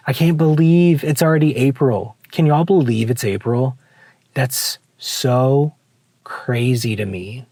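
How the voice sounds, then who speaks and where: A man's voice: medium pitch, a little mellow, breathy edge, dry recording. A young man from Southern Virginia vlogging from his car, rambling casually and cutting himself off mid-thought. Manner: rambling, self-interrupting. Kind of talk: casual chat to camera. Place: parked car.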